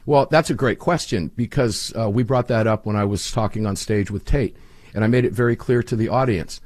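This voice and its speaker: Speaking fairly quickly in a low, slightly mellow voice, this radio host tells emphatic stories while guesting on a political talk program. The studio-quality audio has no room sound.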